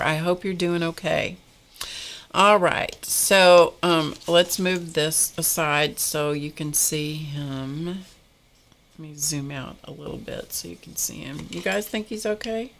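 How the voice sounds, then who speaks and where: With a low, slightly bright voice, this art instructor paints on a live stream, speaking slowly and easily. Long personal tangents are interrupted as she greets viewers in the chat by name.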